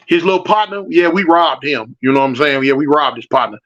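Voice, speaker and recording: A man's voice: on the high side, fairly quick. A man telling a street story in casual slang, acting out the voices and answering his live chat. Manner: animated, slangy, acts out voices in his stories. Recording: dull lo-fi audio.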